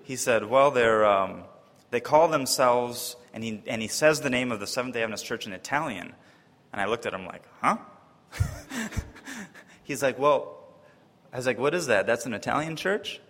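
A man from Wisconsin telling a personal testimony story in a lively way, acting out the voices of the people he quotes. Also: normal speed, pauses often. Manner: lively, acts out quoted voices, often pitching up high in disbelief. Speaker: speaker giving a personal testimony. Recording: long reverb of a large hall.

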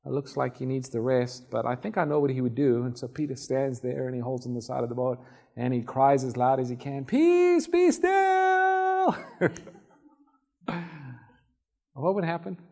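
Male preacher, relaxed storytelling sermon delivery, acts out scenes. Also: mid-range voice, brisk, gravelly. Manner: conversational, acts out Bible scenes.

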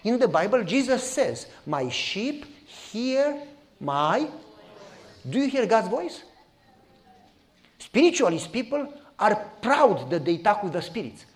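A pastor with a Romanian accent preaches in a sermon, his pitch swooping up and down as he acts out conversations. He often checks in with the congregation, asking if they follow him. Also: slow. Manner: animated, repeats "You follow me?". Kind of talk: sermon storytelling.

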